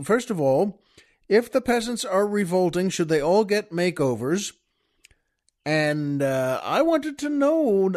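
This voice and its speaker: A man's voice: a little high, a little mellow. An older man hosting a podcast, talking in a casual, rambling monologue full of fillers, restarts and little chuckles. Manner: folksy, chuckling, meandering with many fillers and restarts. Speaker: podcast host.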